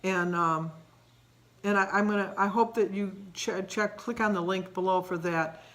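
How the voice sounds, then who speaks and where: A woman's voice: mid-range voice, fairly even intonation, moderate pace, a bit bright. An older woman talking casually in a daily vlog, rambling and emotional, sometimes tearful. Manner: rambling, emotional, self-deprecating. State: tearful at times. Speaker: vlogger.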